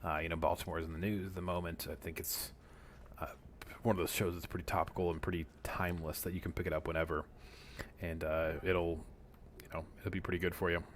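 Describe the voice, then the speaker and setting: A deep-voiced man talks through his game stream in a loose, wandering way, full of ums and side remarks. A faint hiss sits under his voice. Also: flat delivery, quick pace. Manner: rambling, many fillers and asides. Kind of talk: casual gameplay commentary.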